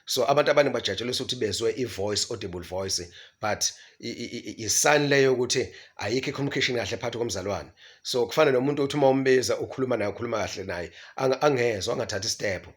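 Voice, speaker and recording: A man's voice: medium pitch, rapid-fire. A man teaching from the Bible, often stumbling and repeating syllables as he mixes in English words. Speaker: preacher.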